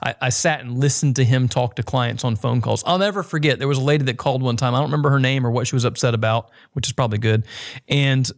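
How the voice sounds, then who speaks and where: A man's voice: mid-range voice, quick pace, gravelly, no echo, studio quality. A man speaking as a podcast guest, telling his business story earnestly with frequent restarts. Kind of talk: casual podcast conversation.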